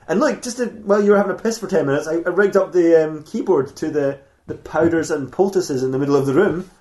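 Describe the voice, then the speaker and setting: High-voiced man spinning a silly story. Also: fast talker, hardly any pauses, a little mellow, echoey room. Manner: rambling, laughing, playfully crude. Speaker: podcast host. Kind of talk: improvised comedic storytelling.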